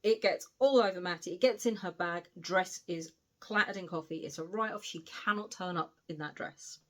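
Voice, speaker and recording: A British woman giving a casual spoiler recap of a novel she reviews, retelling it in an animated way with cheeky asides and the odd swear word. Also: lowish voice, moderate pace. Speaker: book reviewer.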